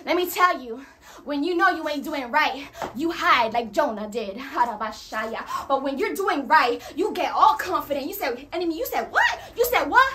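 A young woman preaches with fervent energy, calling out to the congregation and answering their responses. Her voice sits very high and sounds bright and sharp. A faint hiss runs under the recording. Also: lively intonation, normal speed. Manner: fervent call-and-response preaching, speaking in tongues. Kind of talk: sermon.

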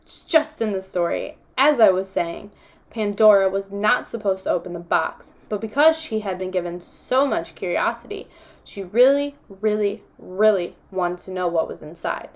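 A woman's voice: medium pitch, normal speed, lightly acted. Woman reading as a worked-up young girl, earnest and kinda indignant. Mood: insistent. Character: anxious, insistent young girl storyteller.

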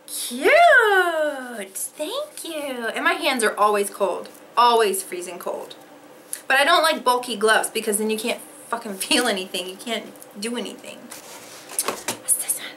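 Young woman vlogger, high lively voice, bright tone, unhurried, gushing unboxing chat with faint room noise. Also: rough recording. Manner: gushing, gasping and exclaiming, laughs often. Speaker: vlogger opening fan mail. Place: home craft studio.

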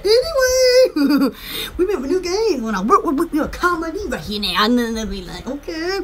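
A woman's voice: sits high, very animated, moderate pace, slight background noise. A woman chatting in a rambling, goofy live stream at home, giggling often. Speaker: vlogger.

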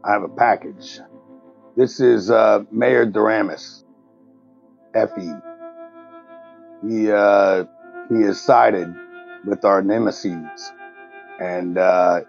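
A man plays a tabletop game, talking bluntly and casually with the odd curse. His low voice is gravelly. The recording is slightly muffled and lo-fi, with faint music underneath. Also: fairly even intonation, slow pace, long pauses, a little mellow. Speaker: player.

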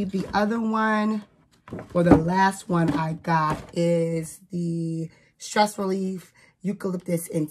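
With slight background noise behind her, a young New Jersey woman who teaches talks to camera in a lowish voice. Her vlog covers the gifts she picked up, peppered with "like" and "um."

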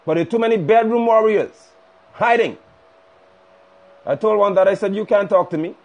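A man's voice: high voice, normal speed, dull audio. A man preaching fiercely on a livestream, rebuking and hammering points with repetition. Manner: fiery, rebuking, emphatic repetition. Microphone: phone livestream.

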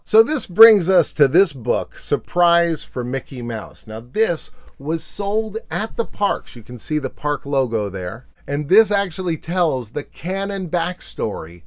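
A man hosting a nostalgia video, chatty and animated, reading a storybook aloud with commentary. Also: on the high side, unhurried, hardly any pauses, dry recording, studio quality. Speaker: video host.

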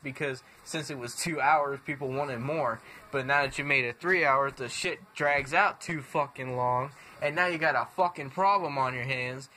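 A man's voice: medium pitch, bright, forceful tone, a little hiss or hum. A young man ranting angrily and swearing constantly as a fed-up wrestling fan. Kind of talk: angry profane rant.

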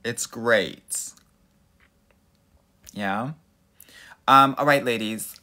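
A man's voice: mid-range voice, animated, measured pace, bright, forceful tone. A man from Los Angeles, a dating coach hosting a live stream, greeting viewers and reading their comments in a sassy, playful way, calling them honey and girl. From Los Angeles, USA.

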